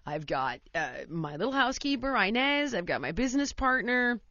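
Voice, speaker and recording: A fairly high-voiced woman tells a story in a loose, rambling chat, leaning on "like" and "you know" and laughing along the way. The sound is dull and lo-fi, dry and close with no room echo. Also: big pitch swings, normal speed, fairly bright tone.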